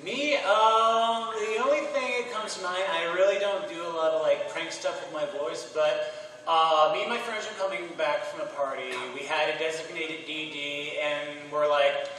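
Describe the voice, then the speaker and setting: A man's voice: on the high side, normal speed, sharp tone, a little hiss or hum. A man voice actor telling stories on a convention panel in a laid-back way. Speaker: voice actor guest. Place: convention hall. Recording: echoey hall, far from mic.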